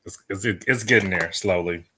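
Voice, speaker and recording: Bright-voiced male podcast guest. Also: low voice, normal speed, a little hiss or hum. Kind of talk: casual chat.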